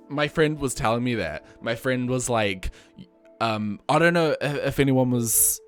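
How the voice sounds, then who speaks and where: A young man from New Zealand with a New Zealand accent, a streamer telling stories in casual chat, laughing often and jumping up in pitch when excited. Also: clear, resonant tone. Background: faint music.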